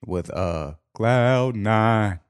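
Deep-voiced man co-hosting a podcast. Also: extremely slow, smooth, no room sound, clean studio sound. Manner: joking, hums and half-sings music cues. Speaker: podcast co-host. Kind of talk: casual podcast banter. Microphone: new podcast microphone.

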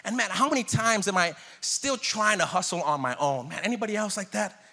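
A man's voice: high-pitched, animated, brisk, bright, forceful tone. A man in his thirties preaching a sermon in a conversational, joking way, calling out to the congregation. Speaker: pastor.

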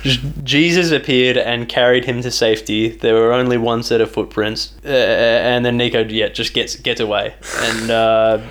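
A man's voice: medium pitch, steady tone, moderate pace, hardly any pauses, a bit bright. A man in casual chat about a movie, jokey and chiming in with sarcastic asides.

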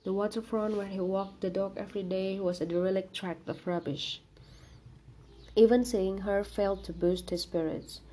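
A woman reading a short story aloud in a calm, measured narration. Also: mid-range voice, slight background noise. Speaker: reader.

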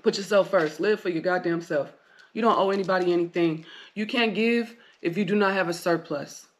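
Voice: medium pitch, fairly quick. A podcast host giving blunt, heavily profane advice in a rambling solo monologue, hammering points home with repeated commands.

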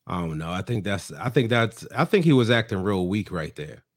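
A man's voice: fairly low pitch, animated, normal speed. A man co-hosting a casual podcast, recapping a reality show and acting out other people's lines in shifting voices. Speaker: podcast co-host.

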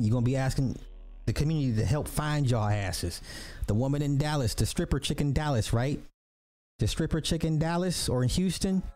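Male podcast host, mellow mid-pitched voice, mocking dramatic reader, faint music bed. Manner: reads dramatically with mocking asides. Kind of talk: social commentary, reading messages aloud.

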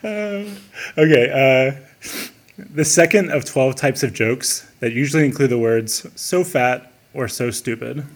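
A man's voice: medium pitch, a little slow. A man co-hosting a podcast, reading out pun clues in a casual chat and laughing at his own jokes. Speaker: podcast co-host posing quiz clues.

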